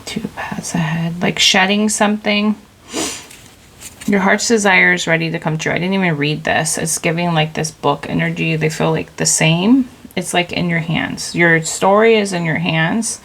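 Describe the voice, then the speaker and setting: A woman's voice: fairly low pitch, fairly even intonation, normal speed, gravelly, a bit bright, rough recording. A woman giving a casual, intuitive tarot reading, rambling loosely and leaning on filler words as she goes. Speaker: tarot reader.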